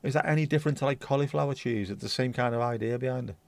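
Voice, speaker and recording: Hosting a livestream, a man rambles bluntly through viewer comments in casual chat, swearing now and then. His mid-range, gravelly voice races along, with no echo.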